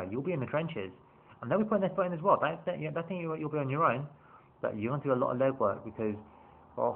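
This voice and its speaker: A man rambling through a casual preview of his team's upcoming matches, restarting sentences and swearing now and then. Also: medium pitch. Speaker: football fan vlogger. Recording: tinny phone-like sound.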